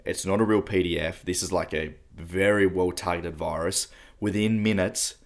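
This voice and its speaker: A man co-hosting a podcast, calmly walking through how a scam works in casual chat. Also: low voice, normal speed. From Australia. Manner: explanatory, steady walkthrough. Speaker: podcast co-host.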